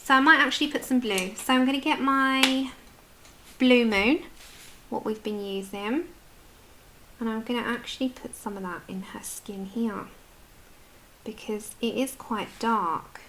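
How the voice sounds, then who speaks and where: A woman's voice: on the high side, measured pace, pauses often, bright, forceful tone, a little hiss or hum. A British woman in her adult years chatting casually with viewers while colouring on a livestream, answering their comments as she goes. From United Kingdom.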